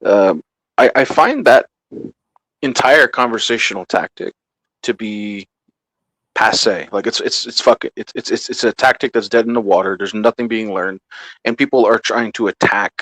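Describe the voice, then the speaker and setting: A man's voice: lowish voice, moderate pace, a bit bright, no echo, low-quality recording. Blunt, profane ranting man. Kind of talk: heated casual panel talk.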